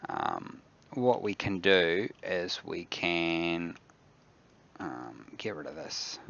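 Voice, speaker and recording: Speaking very slowly in a low, gravelly, fairly bright voice, a New Zealand man livestreams game development from his office, animatedly muttering to himself as he builds in the game. The highs are cut off and there's slight background noise.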